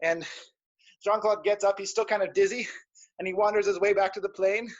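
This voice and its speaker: A man with a high voice tells a children's story on a live stream, animated and tossing in sound effects. The audio is dry and close, with a dull, lo-fi edge. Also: a little fast, no echo. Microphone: live stream mic.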